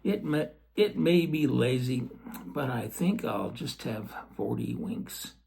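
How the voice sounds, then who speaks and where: A man voicing a wicked, greedy old male fox in a storybook reading, with a slow, gloating delivery. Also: medium pitch, animated, creaky, mellow, slightly rough, heavily acted.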